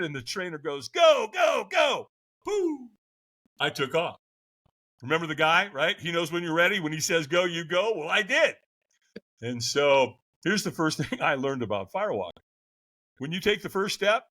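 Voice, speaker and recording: A middle-aged man speaks as a guest on a podcast, spinning a personal story with a bright, forward tone. His pitch leaps up and down as he throws himself into the voices of people he describes, chuckling along the way. His voice sits a touch higher than most men's. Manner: lively, acts out voices of others in his story with laughter. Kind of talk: animated storytelling.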